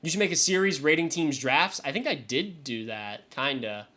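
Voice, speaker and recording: A young male streamer with a bright, fairly high voice talks loosely to his live chat. He swears freely and keeps up an easygoing commentary. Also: expressive, moderate pace. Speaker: fantasy football streamer.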